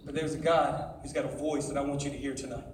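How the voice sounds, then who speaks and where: A middle-aged man preaching to teenagers in an animated way, calling out for the crowd to answer him. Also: medium pitch, fast. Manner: animated, calls for audience responses. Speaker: youth speaker. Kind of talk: sermon. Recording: echoey hall from far off with faint noise.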